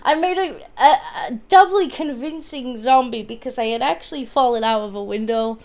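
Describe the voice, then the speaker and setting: A woman's voice: high voice, moderate pace, a little mellow. A woman chatting casually, giggling often and swearing freely. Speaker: guest. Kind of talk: casual chat.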